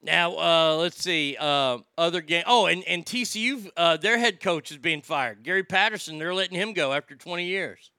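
A man's voice: fairly high pitch, expressive, moderate pace, hardly any pauses, pushed and bright, no echo, clean studio sound. A man ranting casually about weekend football scores, brash and sarcastic, swearing freely. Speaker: sports talk host. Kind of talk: casual sports rant.

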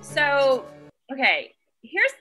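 A woman hosting a podcast in casual chat, reading out listener questions and weighing in with strong opinions. Her voice is bright and swings widely in pitch, and she laughs often as she talks. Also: huge pitch swings, very slow, soft background music. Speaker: podcast host.

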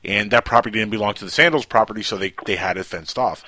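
A man hosting a radio show, chatty storyteller who drops his voice low for asides. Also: quick pace, sharp tone, no room sound. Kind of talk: casual radio chat.

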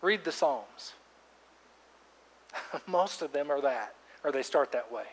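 A man preaching a sermon as pastor, emphatic, swinging between loud outbursts and hushed words. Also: on the high side, animated, a little slow, long pauses, husky. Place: church sanctuary. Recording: long reverb of a large church hall.

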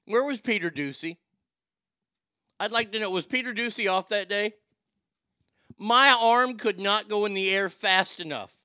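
A man's voice: sits high, bright, forceful tone, clear, resonant tone, no echo, studio quality. A man hosting a comedy podcast, ranting off the cuff in a crude, rambling, self-mocking way. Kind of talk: improvised comedic rant.

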